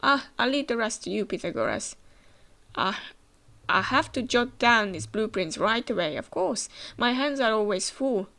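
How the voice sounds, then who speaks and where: A woman reading the lines of a busy, absent-minded male inventor in an excited, hurried way. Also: fairly high pitch, gravelly, full character voice.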